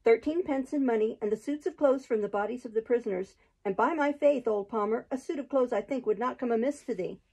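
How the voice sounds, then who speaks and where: A woman's voice: on the high side, brisk, creaky, hardly any pauses, a little mellow, breathy edge. A woman voicing a surly, greedy male sheriff in a storybook, growling, scornful and impatient.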